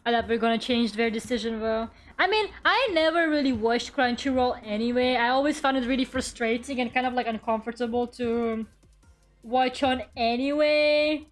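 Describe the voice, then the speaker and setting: On the high side and moderately paced, a woman's voice comes through with faint music behind it. She rambles through casual live-stream chat in her own room, talking to viewers and swearing now and then.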